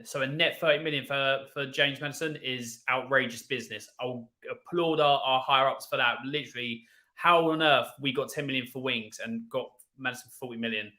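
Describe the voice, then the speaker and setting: Bright-voiced man giving frank football takes. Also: mid-range voice. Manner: frank, opinionated, repeats words. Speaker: panel guest, Spurs fan. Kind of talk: casual football stream chat.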